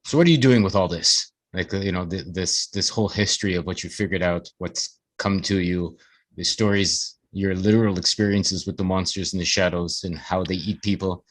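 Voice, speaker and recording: A man hosting an interview, asking a halting, searching question. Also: sits low, fairly even intonation, no echo. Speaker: podcast host.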